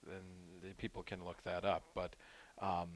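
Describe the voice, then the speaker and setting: A man's voice: sits low, monotone, normal speed. A man co-hosting a casual sports talk show, chatting and recalling old hockey anecdotes. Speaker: co-host.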